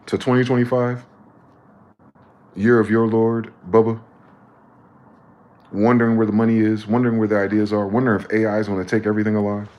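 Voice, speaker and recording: A man's voice: on the low side, flat delivery, fairly quick, long pauses. Ranting late-30s man, roomy echo. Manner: heated, profane, preachy rant with sharp swings in loudness. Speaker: livestreamer. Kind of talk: ranting livestream monologue.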